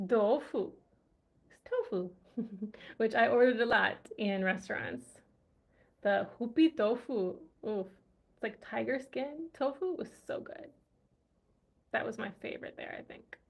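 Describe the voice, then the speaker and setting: Female vlogger, unhurried casual chat, slightly high pitch, laughs easily. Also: creaky. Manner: chatty, laughs often, muses aloud. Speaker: language vlogger.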